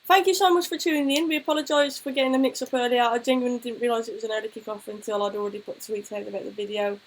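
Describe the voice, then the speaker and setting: Racing along in a steady, fairly high voice, this football chat show co-host thanks her viewers and shares stories in a chatty way. The low-quality recording carries a little hiss or hum.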